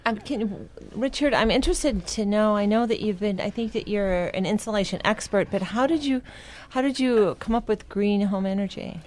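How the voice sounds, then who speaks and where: A woman's voice: medium pitch, moderate pace, few pauses, a little mellow. A woman co-hosting a radio talk show, asking the guest short, curious questions.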